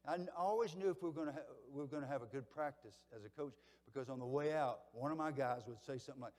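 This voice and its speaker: An older man giving a motivational banquet speech, telling folksy stories and swinging between loud and hushed delivery. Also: medium pitch, quick pace, hardly any pauses, big-room sound. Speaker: keynote speaker.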